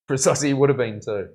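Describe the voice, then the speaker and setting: Working on a tattoo during a live stream, a young man talks in a mid-range, slightly mellow voice. His chat is relaxed, with frequent laughter and thanks to those watching.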